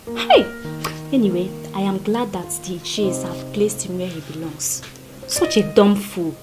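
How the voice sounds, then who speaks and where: A woman's voice: medium pitch, measured pace, over music, lightly acted, low-quality recording. A woman with a Nigerian accent playing a young village woman who mocks and gossips. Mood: mocking. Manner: dismissive, mocking. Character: young village daughter, dismissive.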